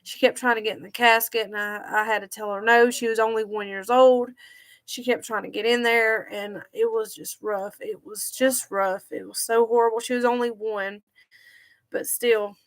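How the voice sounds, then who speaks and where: A grieving woman tells a personal story straight to her viewers, with a slightly high voice. She talks in a halting, heartfelt way, and her voice sinks quietly when the pain shows. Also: steady tone. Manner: halting and heartfelt, voice dropping low when sad. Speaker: vlogger.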